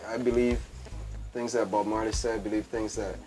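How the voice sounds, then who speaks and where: A man's voice: fairly low pitch, little pitch movement, a little fast, dark tone, faint music behind. A man, talking as a guest on a casual show, emphatic and repetitive, calling his host "B" over and over. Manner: emphatic, calls the host "B" again and again, repeats phrases. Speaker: guest fashion entrepreneur. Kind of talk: animated casual talk.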